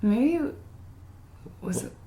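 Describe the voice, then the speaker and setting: A woman's voice: takes it slowly, dark tone. A woman in her twenties co-hosting a podcast, teasing and swearing playfully in casual chat. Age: 20s. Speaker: podcast co-host. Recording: roomy echo.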